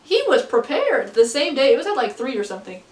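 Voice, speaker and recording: Casting: teen girl vlogger, slightly high voice, rambling and giggly, recorded far from the mic in a roomy space. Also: very animated, quick pace. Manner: rambling, many fillers, laughs often. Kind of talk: casual storytelling to camera. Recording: echoey room, distant from mic.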